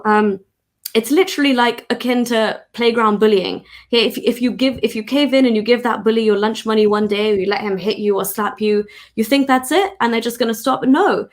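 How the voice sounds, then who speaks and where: A woman with a British accent, co-hosting a casual chat and speaking emphatically and indignantly. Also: a little high. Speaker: co-host.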